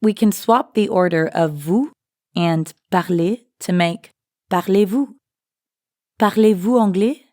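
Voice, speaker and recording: Low-voiced woman explaining a lesson. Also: unhurried, darkish tone, no echo, studio quality. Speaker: language teacher and co-host. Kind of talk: scripted lesson dialogue.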